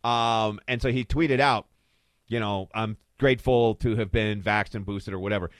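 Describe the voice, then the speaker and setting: A man's voice: on the low side, steady tone, moderate pace, fairly bright tone, no room sound. A man hosting a talk radio show, delivering an impassioned, rhetorical monologue and hammering home his points with repeated questions from a studio microphone.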